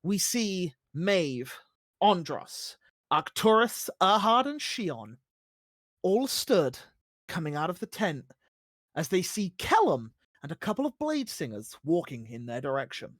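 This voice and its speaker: Animated, dry-voiced tabletop game master. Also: medium pitch, unhurried, dry recording.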